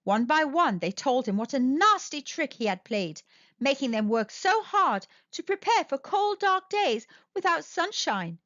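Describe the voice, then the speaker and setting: High, sing-song woman reading a kids' story. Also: sing-song, unhurried, a bit bright, no room sound, dull audio. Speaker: storytime host. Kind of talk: children's read-aloud.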